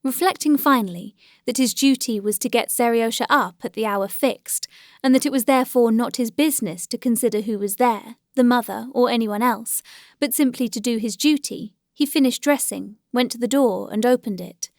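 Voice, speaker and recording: A woman narrating a classic novel as an audiobook, in a measured, gentle storytelling manner. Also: fairly high pitch, no echo, clean studio sound.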